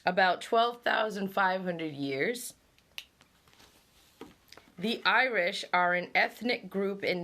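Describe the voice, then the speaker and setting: This middle-aged vlog host, born and raised on an island, has a sharp, mid-range voice. She casually reads facts aloud, then laughs and muses about them.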